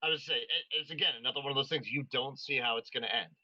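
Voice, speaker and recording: A man's voice: medium pitch, rapid-fire, bright, forceful tone, no room sound. A man co-hosting a casual podcast chat, rambling with restarts and laughing easily. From Irish heritage, New England. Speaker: podcast co-host. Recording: dull lo-fi sound.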